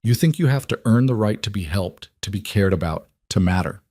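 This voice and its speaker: A man's voice: on the low side, lively intonation, brisk, a little mellow, no echo, clean studio sound. A man voicing the written notes of a mute giant ex-soldier cowboy, blunt and plainspoken. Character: silent stubborn giant ex-soldier cowboy, notes read aloud.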